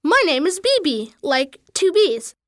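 A woman's voice: very high voice, sing-song, measured pace, no echo, clean studio sound, heavily acted. A woman voicing a chatty new schoolgirl.

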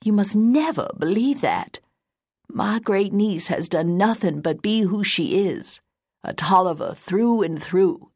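A woman's voice: rumbling low, normal speed, no room sound, clean studio sound, exaggerated voice. Woman doing a resolute wealthy old lady. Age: 80s. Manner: firm, crisp, unbending.

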